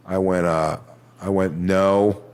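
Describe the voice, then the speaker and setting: A man performing a stand-up comedy set on stage, telling crude, swaggering stories and sometimes mocking people in high put-on voices. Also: normal speed. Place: comedy stage before a live audience.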